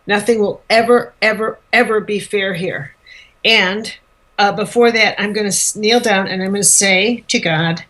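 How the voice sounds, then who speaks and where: A woman's voice: mid-range voice, moderate pace, fairly bright tone. A woman teacher giving a live spiritual lecture, speaking emphatically and bluntly, repeating words for force.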